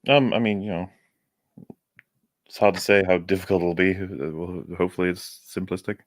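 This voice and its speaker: A man's voice: sits low, steady tone, moderate pace, no echo. A man co-hosting a livestream chat, talking in a wry, laid-back way. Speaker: co-host.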